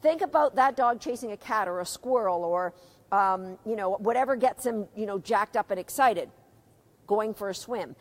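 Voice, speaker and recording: A woman's voice: mid-range voice, moderate pace. A middle-aged woman teaching a live dog agility seminar, chatty, asking her students questions and reading out their comments.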